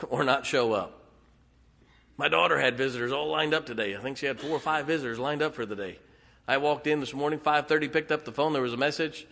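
A man preaching in a church sanctuary, his voice carrying a long reverb off the walls. He talks in a folksy, homespun way at a middle pitch, sinking into quiet stretches before building to loud bursts. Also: a little fast, vocal fry. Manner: folksy, swings from hushed to loud exclamations. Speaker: pastor. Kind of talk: sermon.

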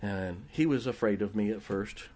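A man's voice: fairly low pitch, normal speed, darkish tone. A man preaching a sermon as pastor, telling folksy stories and joking with his congregation.

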